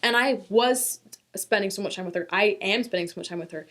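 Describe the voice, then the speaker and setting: A young woman co-hosting a casual podcast chat. She talks candidly and with energy, slipping into lively sarcastic retellings of everyday moments. Her voice sits in an ordinary middle pitch. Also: fairly quick. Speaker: podcast co-host.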